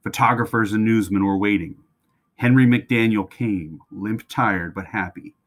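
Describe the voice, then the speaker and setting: A man reading a children's book aloud with expressive delivery. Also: on the low side, measured pace. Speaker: reader.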